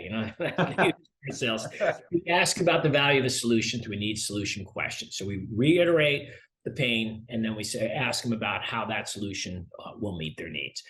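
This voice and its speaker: A middle-aged man speaks as an interview guest about sales. He tells stories with energy and acts out the back-and-forth of conversations. His pitch sits in the middle range for a man. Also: normal speed. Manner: animated storyteller, acts out dialogue.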